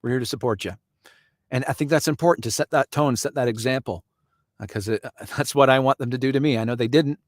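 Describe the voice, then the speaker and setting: A mid-pitched man from Canada hosts an informal live stream. He riffs on viewer comments in a relaxed, conversational way and laughs easily between thoughts. The sound is dry and close, with no room echo. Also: fast. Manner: conversational, chuckles often, answers viewers by name.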